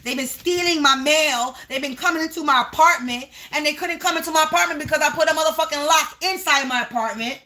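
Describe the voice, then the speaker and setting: A woman hosting her own channel, ranting loudly at viewers and trolls, cursing and calling them sweetie and honey. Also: high voice, quick pace, few pauses. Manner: loud, yelling, cursing, confrontational. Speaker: spiritual channel host. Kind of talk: ranting livestream vlog.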